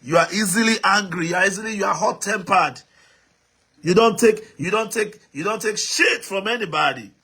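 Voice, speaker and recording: A man's voice: high-pitched, normal speed, bright, forceful tone, husky. A Nigerian man hosting a live stream, reading out viewer comments and urging the audience to write in, switching between English, Pidgin and Yoruba.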